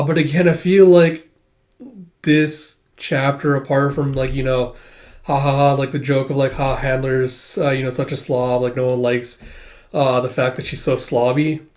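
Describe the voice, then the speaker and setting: Brief: a man with a slightly high voice, loosely talking through a comic, rambling with many restarts. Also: a little mellow. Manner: rambling, full of fillers and restarts. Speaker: comic reader and commentator. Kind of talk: casual commentary.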